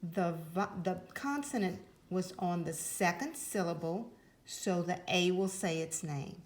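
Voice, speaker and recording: Slow, clear woman teaching phonics. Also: on the low side. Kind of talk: phonics lesson for young children. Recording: roomy echo.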